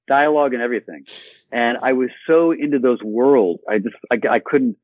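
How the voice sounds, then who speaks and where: A man's voice: medium pitch, fairly quick, no room sound, phone-quality sound. A man from Michigan, a guest actor on an interview podcast, telling stories with playful acted-out asides. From Michigan, USA.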